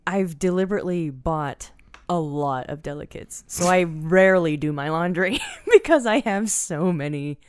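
A woman's voice: on the low side, animated, normal speed, a little mellow, clear, resonant tone. A woman co-hosting a casual podcast, giggly and playing along with the banter. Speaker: podcast co-host. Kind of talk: casual chat. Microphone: studio mic.

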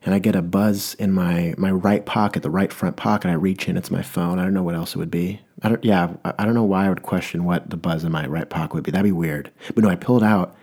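A young man with a low, husky voice, delivering a comedic rant. He rambles and breaks off mid-sentence to restart his thoughts. The whole thing has a mock-earnest, playful tone. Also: fairly even intonation, quick pace, few pauses, a little mellow.

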